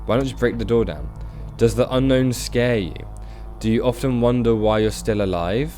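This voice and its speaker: A man voicing a creepy, pale old man who stands at the door in a video game and asks ominous questions slowly and quietly. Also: soft background music, lightly acted. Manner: slow, low, ominous questioning.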